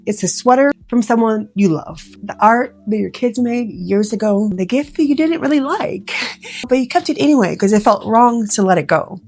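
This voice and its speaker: A woman, a professional organizer, giving earnest, emotional and gently reassuring advice straight to the viewer. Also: a little high, moderate pace. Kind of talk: heartfelt direct-to-camera advice.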